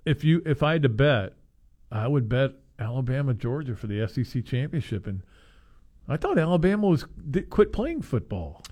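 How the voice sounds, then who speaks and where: Brief: male sports radio co-host, mid-pitched, loose and rambling, quick to chuckle. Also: lively intonation, darkish tone. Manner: rambling, chuckling, self-interrupting. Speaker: co-host of a sports talk show. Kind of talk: casual sports radio chat.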